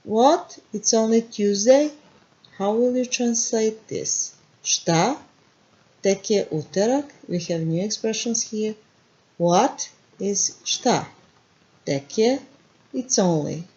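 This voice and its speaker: A woman with a Montenegrin accent teaching a language lesson, repeating words slowly and quizzing the listener. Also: mid-range voice, animated, warm tone, muffled recording.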